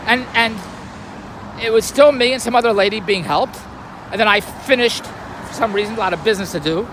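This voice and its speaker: A man telling a rambling, wry everyday story in a grumbling, self-amused way, recorded in a car by a busy street. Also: sits high. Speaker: vlogger. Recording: noisy street traffic behind.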